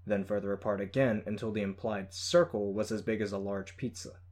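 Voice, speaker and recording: A man reading a first-person story in a steady, measured way. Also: on the low side. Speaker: audiobook narrator. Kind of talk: scripted first-person narration.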